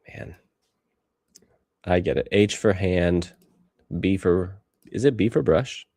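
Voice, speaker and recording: A man's voice: sits low, slow, darkish tone, no room sound. A man in his thirties streaming live as he edits photos, rambling and talking to himself while he works. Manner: rambling self-talk, musing aloud. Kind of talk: casual livestream commentary while working.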